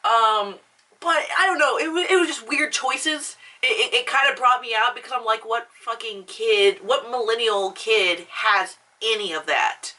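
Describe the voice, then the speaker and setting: A woman's voice: a little high, animated, moderate pace, bright, forceful tone, distant mic. A young woman vlogger ranting casually about a film, swearing often, full of fillers and restarts. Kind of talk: casual rant.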